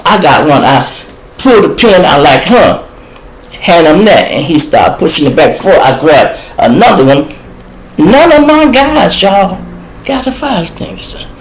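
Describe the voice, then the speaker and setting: A man with a Chicago accent, hosting a podcast and telling a profane, animated story to listeners in casual chat. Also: medium pitch, vocal fry, poor audio. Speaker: podcast host. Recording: faint background noise.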